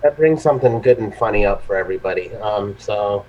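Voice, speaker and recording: A man's voice: lowish voice, brisk, slight background noise. A man hosting a live show in casual chat, telling funny stories full of laughs and constant swearing. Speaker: host of a live vaping show. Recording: muffled lo-fi audio.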